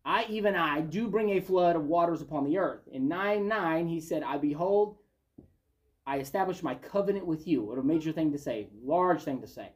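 A man's voice: on the high side, normal speed. Guy leading a bible study, reads a bit then chats about it, easygoing teaching. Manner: conversational, reads passages aloud and comments.

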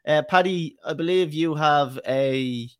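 A man's voice: fairly high pitch, unhurried, clean tone, no echo, clean studio sound. A young man hosting a casual chat, teasing and laughing with plenty of fillers. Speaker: podcast host.

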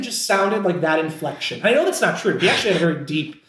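A man, an actor, telling a personal story in casual chat, animated and self-deprecating, full of fillers and restarts. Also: a little high, quick pace, reverberant. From Scranton, Pennsylvania, USA.

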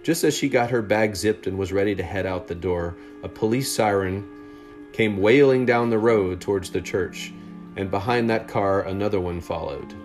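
A man narrating a story with a steady, measured reading. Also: on the low side, faint music behind. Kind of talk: storytelling read-aloud.

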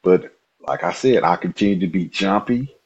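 A man telling a personal story as a podcast guest, animated and lively, acting out the dialogue. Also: deep voice, normal speed, breathy edge, muffled recording. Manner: animated, lively, exclaiming, quoting others in dialogue.

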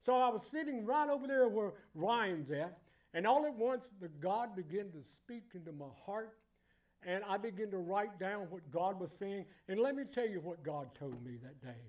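A man preaching a sermon in church, emphatic and repetitive, building to loud exclamations. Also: high-pitched, animated, normal speed.

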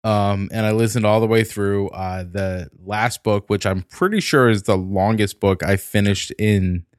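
A man with a fairly low voice chats casually on a podcast. He talks things through in a storytelling way and states his views bluntly. The sound is dry and close, with no room echo. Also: fairly even intonation, measured pace, clear, resonant tone. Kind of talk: casual chat.

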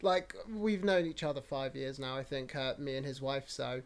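A British man in his twenties hosting a casual podcast chat, unfiltered and swearing freely as he tells animated stories. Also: mid-range voice, normal speed. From United Kingdom. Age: 20s. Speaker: podcast host. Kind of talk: casual conversation.

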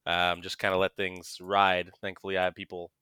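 Bright, clear-voiced man chatting casually. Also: low-pitched, moderate pace, dry recording, studio quality. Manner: relaxed, rambling, trails off into mutters. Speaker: podcast co-host. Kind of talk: casual chat about a fantasy baseball league.

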